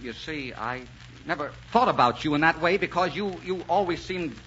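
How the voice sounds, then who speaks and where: Lovestruck young composer, old radio play, swoopy voice, muffled sound w/ soft music. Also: male voice, fairly high pitch, animated, slight background noise. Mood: bashful. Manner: halting and shy when proposing, then swelling with passion. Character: earnest young male composer, romantic newlywed. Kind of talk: 1940s radio acting.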